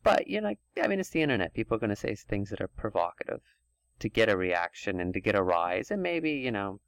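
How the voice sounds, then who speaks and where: A man hosts a relaxed conversation, rambling through his thoughts in long, loose stretches. His voice sits low with plenty of gravelly fry. The sound is close and dry. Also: quick pace, dry recording. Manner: chatty, thinks aloud in long run-on stretches. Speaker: podcast host. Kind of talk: casual chat.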